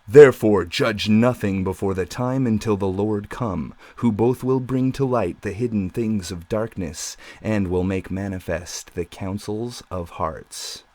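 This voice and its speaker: A man voicing the disembodied voice of God, intoning scripture in a solemn, measured way. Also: on the low side, mellow, dry recording, natural voice.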